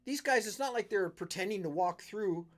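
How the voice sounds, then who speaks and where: A middle-aged man from western Canada hosts his own live stream and tells a long, rambling story in a casual way. His voice sits a bit high for a man. He gets animated and slips into the voices of the people in the story. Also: normal speed. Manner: rambling, animated storyteller who acts out quotes.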